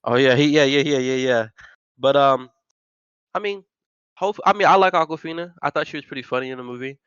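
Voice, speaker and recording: A man's voice: medium pitch, brisk, fairly bright tone, clean tone, no room sound, highs cut off. A man hosting a casual podcast chat, rambling and packing his talk with filler words. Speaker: podcast host.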